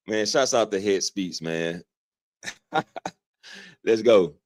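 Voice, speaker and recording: A man's voice: lowish voice, no echo, clean studio sound. A man hosting a reaction video, giving slangy, mocking commentary on a clip. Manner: slangy, drawn-out, mocking asides.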